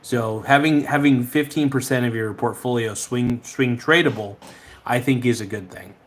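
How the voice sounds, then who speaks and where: A man's voice: medium pitch, normal speed. A man hosting a podcast, chatting casually and reading viewer comments in a rambling, laid-back way with frequent swearing. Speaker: podcast host.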